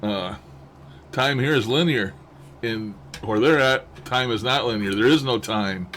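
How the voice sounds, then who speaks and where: A man's voice: mid-range voice, a little slow, fairly bright tone, slight background noise. A man hosting a session, casually commenting and musing as he plays back recordings, chuckling to himself. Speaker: host reviewing spirit-box recordings. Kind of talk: casual commentary over playback.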